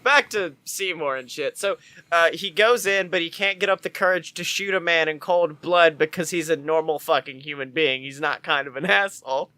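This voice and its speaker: A man co-hosting a podcast in loose, profane casual chat, breaking into laughter often. His voice is fairly high and bright. The sound is dry and close, with no room echo. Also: moderate pace. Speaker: podcast co-host.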